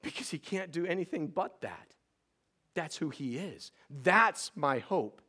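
A middle-aged man preaching a sermon as pastor, earnest and pleading, often restarting words in quick repeats. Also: a little high, animated, sharp tone, breathy edge.

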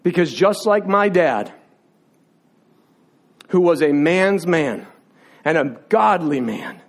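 A man's voice: fairly high pitch, expressive, takes it slowly. A man preaching a sermon in an impassioned, confessional way, building through repeated phrases.

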